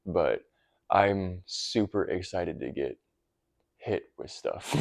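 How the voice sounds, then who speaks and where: A man's voice: deep voice, lively intonation, drawn-out words, gravelly. A young man, a guest actor in a casual chat, telling rambling stories and laughing often.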